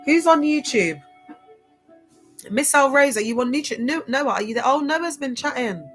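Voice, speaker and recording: A woman's voice: high voice, lively intonation, normal speed, fairly bright tone. Woman, casual livestream host, chatty, laughs a lot, faint music underneath. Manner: chatty, laughs often, spells out words.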